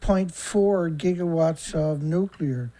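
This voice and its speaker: A man hosting a show, chatting on a call with quick interjections and restarts in a casual, conversational way. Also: a little high, warm tone. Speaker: show host. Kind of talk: casual phone talk.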